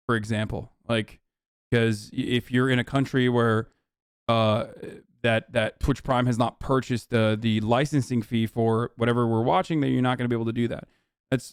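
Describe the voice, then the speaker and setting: A man streamer talks in a loose, rambling way, restarting sentences and swearing as he goes. His voice is smooth and resonant. The sound is close and dry with no room echo. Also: medium pitch. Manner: rambling, profane, many restarts. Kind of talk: casual chat.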